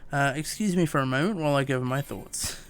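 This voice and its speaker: A man's voice: medium pitch, fast, clean tone, lightly acted. A man reading game dialogue aloud as a fussy, long-winded young woman scholar, stumbling over words. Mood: prim.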